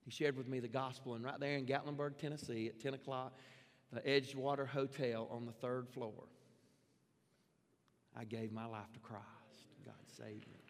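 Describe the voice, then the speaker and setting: A man preaches his testimony in an animated storytelling way, his voice leaping upward at the dramatic moments. His voice sits at a middling pitch. It rings with the long reverb of a large church hall. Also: normal speed. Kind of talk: sermon testimony.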